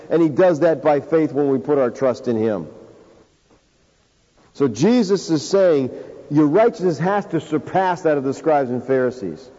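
A man preaches with earnest emphasis and leans hard on key phrases by drawing them out. His voice sits a little high but sounds dark and mellow. The recording is dull and lo-fi, with a long reverb trailing off the walls of a church sanctuary. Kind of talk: sermon.

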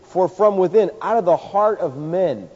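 A man preaching a sermon, emphatic, swinging from loud high peaks to low quiet lines. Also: animated, moderate pace, breathy edge. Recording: dull sound with long hall reverb.

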